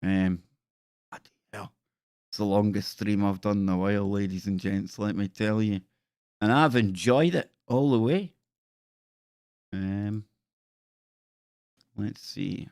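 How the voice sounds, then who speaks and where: A man's voice: lowish voice, takes it slowly, pauses often, darkish tone, clear, resonant tone, dry recording, clean studio sound. A man hosting a live stream, chatting casually with viewers in a scornful, rambling way.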